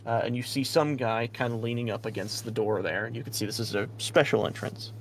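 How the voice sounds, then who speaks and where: A man's voice: medium pitch, steady tone, fairly quick, a little hiss or hum. A man narrating as game master of a tabletop game, describing scenes loosely with many fillers.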